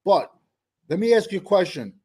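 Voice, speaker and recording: A man with a fairly high voice argues football in a heated debate. He comes off sarcastic and pushy, repeating himself to press his point. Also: big pitch swings, normal speed, a crowd in the background.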